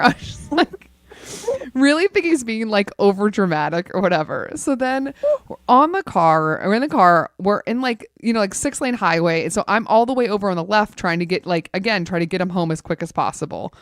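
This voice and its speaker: A woman in casual podcast chat, telling an animated story full of "like" fillers. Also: medium pitch, a little fast, no room sound, studio quality.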